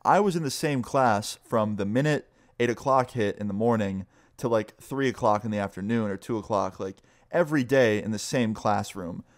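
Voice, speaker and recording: A man's voice: lowish voice, moderate pace, few pauses, no room sound, studio quality. A young man casually telling a story, rambling with lots of "like" and swearing freely. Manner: loose, profane, full of "like".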